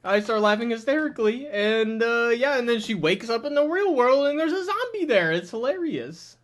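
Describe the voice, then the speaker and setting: A reviewer giving excited, crude reaction commentary, breaking into hysterical laughter and mocking what they watched. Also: medium pitch, normal speed. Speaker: video reviewer.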